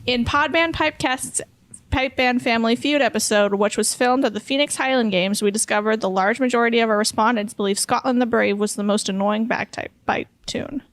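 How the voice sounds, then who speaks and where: A woman's voice: a little high, a little fast, dry recording. A woman co-hosting a podcast, reading trivia questions aloud in a playful, laughing way. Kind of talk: casual game-show banter.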